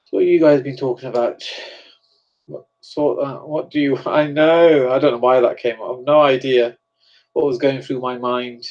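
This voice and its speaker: A man's voice: mid-range voice, steady tone, moderate pace, darkish tone, dull audio. A man hosting a live stream, chatting casually and reading viewer comments aloud as he reacts to them. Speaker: livestream host.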